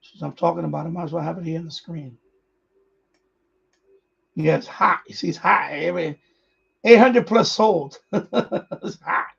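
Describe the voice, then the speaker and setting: A man's voice: on the high side, little pitch movement, normal speed, gravelly, pauses often, bright, forceful tone, slightly rough, muffled recording. A man hosting a radio hobby live stream, chatting casually in a rambling way, repeating himself and chuckling often.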